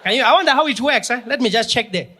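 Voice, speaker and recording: A man marveling at new technology, acted out by a comedian, exclaims in a South African accent. His voice sits high and pushes loud, full of rhetorical questions and delighted gasps. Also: lively intonation, very fast, slight background noise, full character voice. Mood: amazed.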